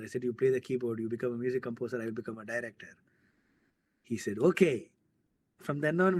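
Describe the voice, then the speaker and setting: Man in his thirties, guest storyteller, mid-pitched, acts out quotes with gusto. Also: a little mellow. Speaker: filmmaker guest. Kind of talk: casual storytelling interview.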